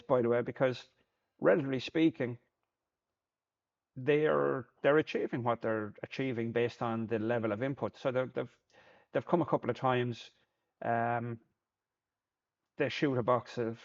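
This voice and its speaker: A man's voice: mid-range voice, steady tone, moderate pace, creaky, pauses often, muffled recording. A man, a Paralympic sport shooter, talking through his thoughts in a plain-spoken reflective monologue, often repeating words as he thinks.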